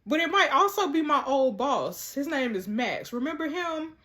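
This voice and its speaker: Sassy lady reacting to a texting story, animated, voice a bit high. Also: moderate pace. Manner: animated, sassy, laughs often. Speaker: content creator. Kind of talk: commentary on a texting story game.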